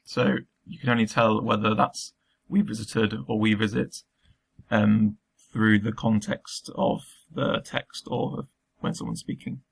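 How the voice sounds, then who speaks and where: A man's voice: fairly low pitch, flat delivery, a little slow, creaky, slightly rough. A man teaching a recorded remote lesson, explaining patiently step by step with frequent ums.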